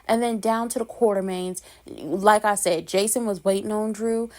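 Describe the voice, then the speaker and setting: Woman, soap recap host, casual opinionated commentary, sassy, slangy, emphatic, medium pitch. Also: fairly even intonation, normal speed.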